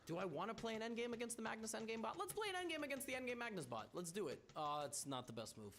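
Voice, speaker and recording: Lively man thinking aloud over chess. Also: high-pitched, racing, a little hiss or hum. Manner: ponders moves aloud, stammering restarts, wry teasing. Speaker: chess streamer.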